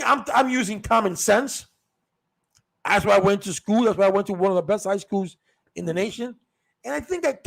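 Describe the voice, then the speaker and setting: A man with a high, gravelly voice rants in a casual vlog. His tone is sarcastic, and he jumps into raised, mocking voices to imitate people he disagrees with. The voice has a husky edge. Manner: ranting, sarcastic, mocks others in raised voices. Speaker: vlogger. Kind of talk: casual opinion rant. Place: North Carolina.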